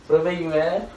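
A man's voice: high voice, darkish tone. Young guy prankster, evasive and pleading, casual swearing; roomy, far-off, noisy capture. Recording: echoey room, distant from mic, noisy.

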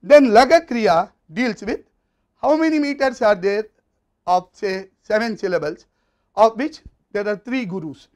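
A man's voice: high-pitched, animated, a little slow, a little mellow. A man with an Indian English accent giving a university lecture, explaining step by step in a methodical way.

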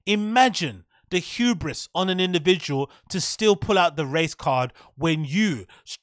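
A sardonic man holds forth alone on his podcast, mocking and ranting as he goes. His voice sits a little high for a man. The sound is dry and close, with no room around it. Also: a bit bright, dry recording. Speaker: podcast host. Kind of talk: solo commentary on news and gossip.

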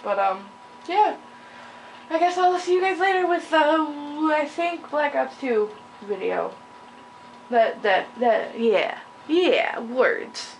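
A young woman giving casual, rambling gameplay commentary, giggling often and filling pauses with ums, a little sleepy with hiccups. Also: high-pitched, expressive. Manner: rambling, giggly, many fillers. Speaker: gaming channel host. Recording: distant mic with faint noise.

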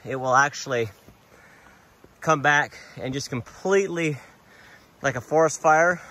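Hiking up a mountain trail with his family, a middle-aged American father and vlogger talks in a relaxed, rambling way, a little winded, marveling at the scenery and the climb. His voice is slightly high and a touch slow.

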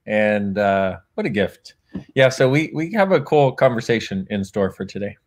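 A man's voice: on the low side, lively intonation, normal speed. A man, an author, chatting casually in a conversation, laughing often, acting out remembered dialogue, and rambling and correcting himself as he goes. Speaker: author and guest.

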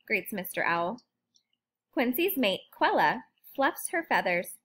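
Brief: woman narrator for a kids' picture book, slow and animated. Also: medium pitch. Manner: expressive, lively reading. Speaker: storybook narrator. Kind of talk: children's storybook read-aloud.

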